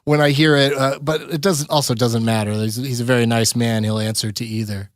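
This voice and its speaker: A man's voice: medium pitch, steady tone, brisk, dry recording, studio quality. A man hosting a podcast, telling stories in a wry, joking way and laughing often. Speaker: podcast host. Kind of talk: casual interview chat.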